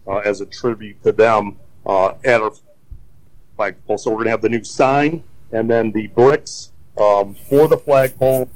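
A man of ordinary pitch talks through his answers patiently, explaining things step by step. He often pauses on ums and restarts his sentences as he goes. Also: low-quality recording. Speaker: county emergency management director. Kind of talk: casual interview answers.

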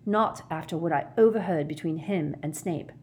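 A woman's voice: low-pitched, normal speed, darkish tone, close to an everyday voice. A woman voicing a frustrated teenage boy who speaks in an angry, clipped way.

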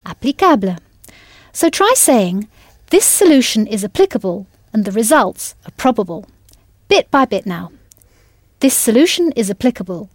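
A woman's voice: fairly high pitch, sing-song, normal speed, no room sound, studio quality. A woman teaching a language in a scripted audio lesson, patient and encouraging, spelling words out letter by letter.

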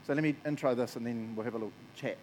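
A man's voice: medium pitch, very fast, a little mellow, a little hiss or hum, low-quality recording. A man preaching a casual, chatty sermon in church, laughing often and using lots of fillers. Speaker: pastor.

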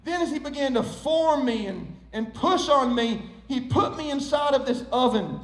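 A man voicing a long-suffering talking teacup in a sermon story, crying out in high pleas. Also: animated, normal speed, a bit bright. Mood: plaintive. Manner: storytelling, rising to high pleading cries. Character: old teacup, male, long-suffering and wondering. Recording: roomy echo.

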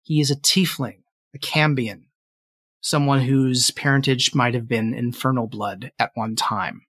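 Relaxed male game master. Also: medium pitch, a little slow, breathy edge, dry recording. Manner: relaxed storytelling with frequent fillers. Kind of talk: narrating a tabletop game.

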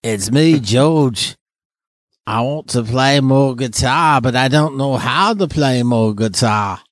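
A man's voice: medium pitch, slow pace, dry recording, studio quality, lightly acted. A man doing a timid, hesitant guitarist. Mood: wistful. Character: an impression of a timid band guitarist wanting more playing time.

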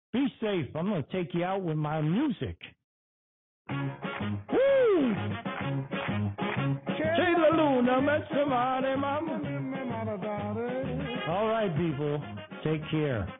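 A man's voice: on the high side, narrow, tinny audio. A man hosting a casual podcast, angry and profane, mocking and swearing. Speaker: podcast host. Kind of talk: casual profane livestream rant.

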